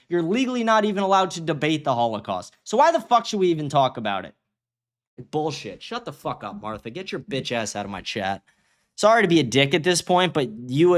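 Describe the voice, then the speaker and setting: A young man reads viewer comments aloud while hosting his own livestream, his voice a little high for a man. He responds to the chat with a heated, profane rant.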